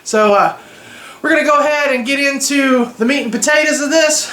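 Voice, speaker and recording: A man's voice: extremely high pitch, normal speed, bright, forceful tone, roomy sound. A young man giving opinionated, joking reactions in a casual, slangy vlog. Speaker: vlogger.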